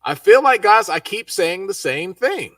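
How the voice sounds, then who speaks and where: A man hosting a live college football talk show, lively and folksy as he runs through the schedule. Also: high-pitched, a little slow, no echo, far from the mic. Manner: lively, folksy, hypes teams. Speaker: show host.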